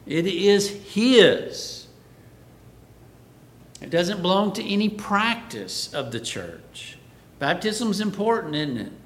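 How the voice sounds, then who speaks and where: A man preaching to a Bible class, slow and deliberate, throwing questions out to the room and then answering them. His voice sits a little high for a man. It rings in an echoey room, with a faint rumble underneath. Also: very animated, fairly bright tone.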